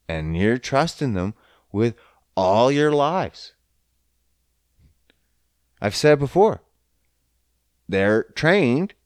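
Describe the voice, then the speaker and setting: A man's voice: mid-range voice, no room sound, clean studio sound. A man in a casual, profane rant who swears often and slips into mocking voices. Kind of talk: casual ranting monologue.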